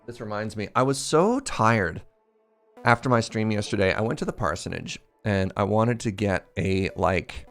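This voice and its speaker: A man live-streaming a game, telling a story in a chatty, animated way and laughing at himself. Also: fairly low pitch. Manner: animated storytelling, self-mocking, laughs often. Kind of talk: casual live-stream chat. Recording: faint game music behind.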